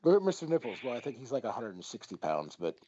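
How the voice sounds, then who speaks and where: A man's voice: medium pitch, very animated, fast talker, warm tone, husky. A man hosting a podcast in casual chat, talking bluntly with plenty of swearing and rambling asides. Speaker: podcast host. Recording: dull lo-fi audio.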